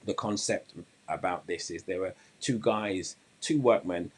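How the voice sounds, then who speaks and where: A man's voice: sits low, a little slow, slightly rough. A man hosting a weight-loss coaching podcast, talking casually and rambling, with restarts before an earnest moral point. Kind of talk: casual live-stream talk and storytelling.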